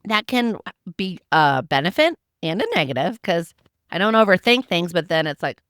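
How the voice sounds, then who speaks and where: Fifty-something lady rambling through a story, lots of likes, smooth lowish voice, dry sound. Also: moderate pace, dry recording. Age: 50s. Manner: chatty, animated, many "like"s and restarts. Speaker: podcast host. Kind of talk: casual storytelling to listeners.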